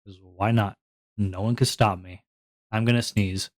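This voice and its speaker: A man's voice: fairly low pitch, steady tone, unhurried. A male VTuber streamer in casual solo chat, rambling from topic to topic, poking fun at himself and laughing often.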